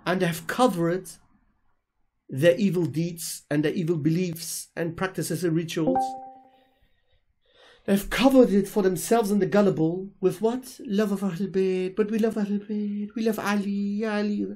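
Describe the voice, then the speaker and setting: A man's voice: sits high, fairly even intonation, normal speed, darkish tone. A man on an online voice call answering questions in a religious argument, talking in an emphatic, preachy way and repeating himself for stress. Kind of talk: religious polemic in a Q&A.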